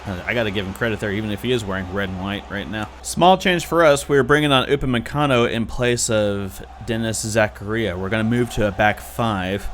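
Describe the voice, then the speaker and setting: A man in his thirties giving casual, excitable commentary over his own football video game, grumbling when things go wrong. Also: fairly low pitch, brisk, few pauses, a little hiss or hum. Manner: chatty, excitable, grumbling at setbacks. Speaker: gaming YouTuber.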